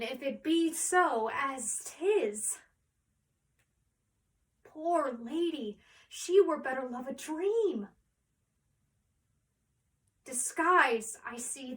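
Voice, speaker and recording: A troubled young woman hiding in a man's disguise, as a woman acts her out, musing aloud in a Shakespeare monologue. The voice sits high and the pace is slow and deliberate. Every line is weighed with care. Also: recorded from a distance. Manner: measured, musing verse delivery. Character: young woman disguised as a man, lovesick and torn.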